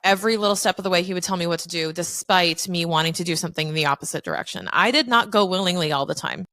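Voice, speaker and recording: A woman's voice: lowish voice, fast, sharp tone, no echo. A woman guest on a podcast, telling her story in a frank, candid way, swearing freely and acting out quoted voices. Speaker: podcast guest, accountant and business owner. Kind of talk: casual storytelling interview.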